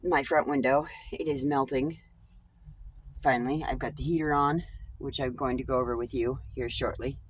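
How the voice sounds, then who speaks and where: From inside a small RV, a woman with a very deep, steady voice vlogs casually at normal speed, speaking frankly into a wide-angle phone or camera. She swears freely and keeps restarting her sentences, with slight background noise.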